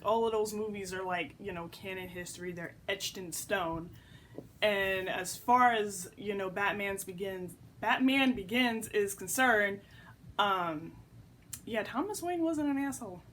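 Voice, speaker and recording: A woman's voice: medium pitch, a little hiss or hum. A young woman giving a blunt, casual movie review, full of "like" fillers and offhand swearing.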